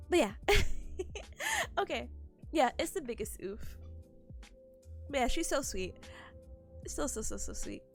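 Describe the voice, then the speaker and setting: A young student streamer hosts a casual study stream, bubbly and chatty with frequent laughter, over soft lofi music. Her voice is a little high and animated yet slow, with vocal fry and long pauses.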